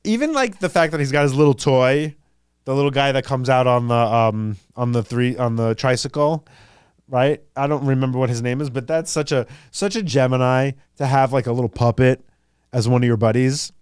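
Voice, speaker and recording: A man hosting a podcast in casual chat, rambling and animated, swearing freely and filling his speech with "like" and "you know". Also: medium pitch, moderate pace, clear, resonant tone, dry recording, studio quality. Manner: rambling, animated, profane, full of fillers. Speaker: podcast host.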